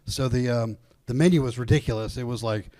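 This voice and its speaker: A man's voice: mid-range voice, a little fast, no echo. Male podcast guest, casual profane storyteller, dry close mic, mid-range voice. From Atlanta comedy scene. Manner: rambling, profane, animated storyteller.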